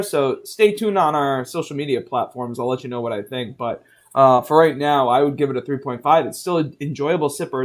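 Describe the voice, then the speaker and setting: Man, whiskey show co-host, mid pitch, relaxed, teasing, casual chat. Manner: relaxed, teasing, laughs often.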